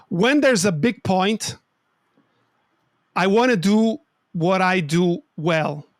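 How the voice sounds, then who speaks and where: A man's voice: high voice, no echo, clean studio sound. A man hosting a podcast, a native Italian speaker talking in English, asking thoughtful questions while searching for his words. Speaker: podcast host. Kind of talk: casual interview chat.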